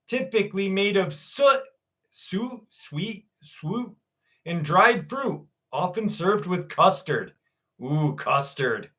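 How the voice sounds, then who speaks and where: A male livestream host with a fairly high, bright and forceful voice. He rambles, jokes and laughs at himself in loose chat, then reads viewer stories aloud. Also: animated, takes it slowly.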